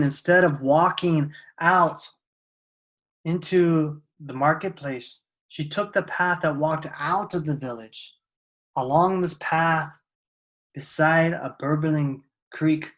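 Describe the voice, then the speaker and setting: Soft-spoken casual storyteller. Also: medium pitch, low-quality recording. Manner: soft, unhurried, conversational with fillers.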